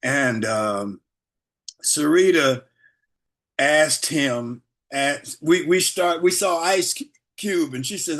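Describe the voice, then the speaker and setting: An older man shares anecdotes with a group, his voice gravelly and sitting a bit high for a man. He rambles at an easy pace, with fillers and frequent chuckles. It sounds like a relaxed guest talk. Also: slow. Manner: chuckles often while telling stories. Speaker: guest speaker.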